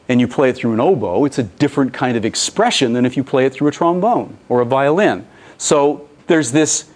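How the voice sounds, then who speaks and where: Male presenter at a talk, middle pitch, animated storyteller who voices the people he quotes. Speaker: conference presenter. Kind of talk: lecture presentation.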